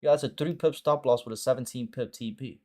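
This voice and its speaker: A man of middling pitch who coaches his viewers through a live trading session. He is blunt and peppers his talk with slang and profanity. He drives points home by saying short phrases again and again. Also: fast, warm tone. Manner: repeats short phrases for emphasis. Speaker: forex trading mentor and stream host. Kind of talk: casual live-stream commentary.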